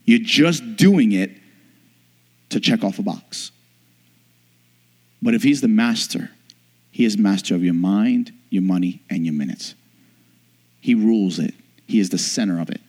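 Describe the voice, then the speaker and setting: A man's voice: fairly low pitch, lively intonation, normal speed, long pauses, a little mellow. A man preaching a sermon as pastor, emphatic, with frequent rhetorical questions to the congregation. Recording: long hall reverb.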